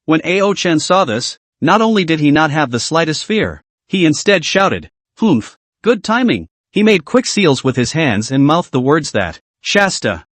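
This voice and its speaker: Man, recap narrator, animated, fairly high voice, dry close sound. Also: moderate pace, few pauses, dry recording. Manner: reads with small restarts.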